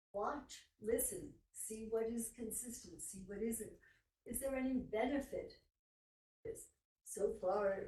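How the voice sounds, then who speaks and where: A woman testifying as a witness under cross-examination in a courtroom, speaking haltingly and searching for words. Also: mid-range voice, warm tone. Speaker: trial witness. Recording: distant, echoey courtroom audio.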